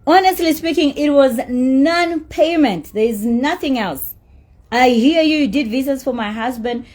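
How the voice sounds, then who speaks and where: A woman's voice: sits high, unhurried, a little mellow. A woman telling a story about a dispute in an angry rant, heated and emphatic, with swearing. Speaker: celebrity recounting a dispute.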